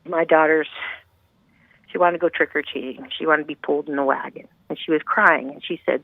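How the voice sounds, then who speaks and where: A woman's voice: low voice, steady tone, fairly quick, vocal fry, no room sound. Middle-aged mom telling her story over the phone, intense and rambly, dry tinny line. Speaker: guest, bereaved mother. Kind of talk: emotional personal storytelling. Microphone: phone call.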